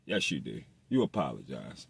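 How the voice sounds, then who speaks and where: Profane animated man on a boxing rant. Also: rumbling low, normal speed, gravelly, slightly rough. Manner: animated, profane, mocks people in put-on voices. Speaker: boxing commentator. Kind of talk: casual monologue.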